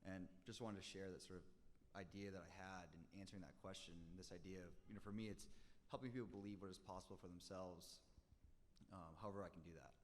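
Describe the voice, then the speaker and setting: A man from the audience sharing a reflective thought, his voice very deep and his words coming fast. The sound has a long hall reverb with a faint low rumble underneath. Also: fairly even intonation. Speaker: audience member.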